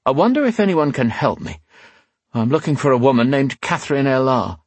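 A young man, as a narrator puts him on, keeping his tone smooth and courteous while a threat sits underneath. His voice is husky and held in check. It is recorded dry and close. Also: medium pitch, sing-song, normal speed, dry recording. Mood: coldly polite. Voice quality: falsely polite, controlled. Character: young man, coldly polite with menace underneath.

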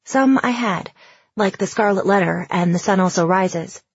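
Woman narrator, husky, dry close mic, dull lo-fi audiobook reading in first person. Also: mid-range voice, normal speed, dry recording.

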